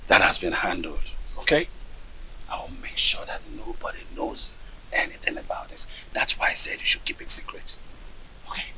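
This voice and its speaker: A conspiratorial Nigerian schemer with a hushed, gravelly whisper, very deep and slow. He chuckles as he plots, and the film sound is dull and muffled. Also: sing-song, a little hiss or hum, full character voice. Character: scheming older man in a secret affair. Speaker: secret lover of the woman who will marry the king. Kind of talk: Nollywood film acting.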